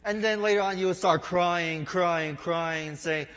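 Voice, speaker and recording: A man preaching a sermon in an unhurried storytelling way, speaking to listeners as his friends. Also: sits high, fairly bright tone. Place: church sanctuary. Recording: long reverb of a large hall.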